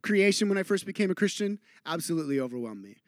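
Male pastor, high voice, dry close sound, animated sermon with big swings in volume. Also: quick pace, dry recording. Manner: animated, swings between loud and quiet. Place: outdoor tent church service.

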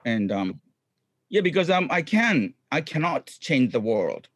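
A middle-aged man, a guest chatting in an interview in upbeat, halting English full of ums. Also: mid-range voice, big pitch swings, no room sound. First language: Japanese. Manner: upbeat, frequent ums, non-native phrasing. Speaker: guest, clown comedian and actor. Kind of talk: casual interview chat.

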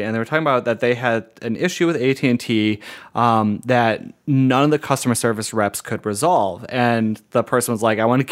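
A man telling a story in casual chat, acting out the people he quotes and filling his talk with "like". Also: medium pitch. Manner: animated, acts out quoted dialogue, lots of "like" fillers, laughs between lines. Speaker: podcast co-host and streamer.

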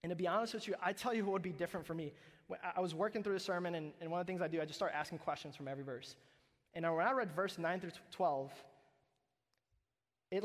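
Emphatic pastor preaching in a reverberant hall. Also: male voice, high voice. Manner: conversational and emphatic, with frequent "like" and "right?". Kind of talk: sermon.

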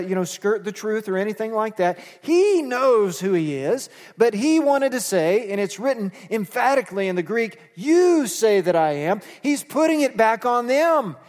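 A man with a high voice preaches a sermon in a church, his words ringing with long hall reverb. He is earnest and emphatic, climbing to forceful peaks and then sinking low and quiet at the ends of phrases. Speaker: pastor. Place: church sanctuary.

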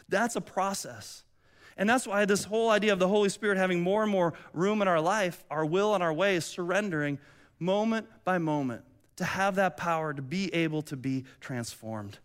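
A man's voice: high voice, a little fast, a bit bright. A man pastor giving a sermon in a conversational, chatty way, with many asides and restarts.

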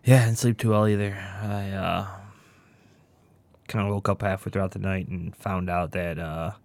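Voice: sits low, flat delivery, normal speed, gravelly, a little mellow, dry recording. A brash player in a tabletop game who speaks bluntly and swears freely.

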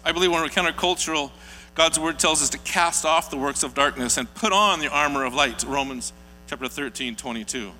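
A man's voice: fairly high pitch, pushed and bright. A man preaching a sermon, telling stories earnestly and building to emphatic peaks. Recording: hall reverb with faint mains hum.

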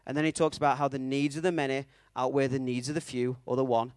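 A man's voice: medium pitch, flat delivery, fast talker, a little mellow, clean tone, no echo. A man preaching a conversational sermon, telling a story and checking in with his audience, with a self-mocking manner.

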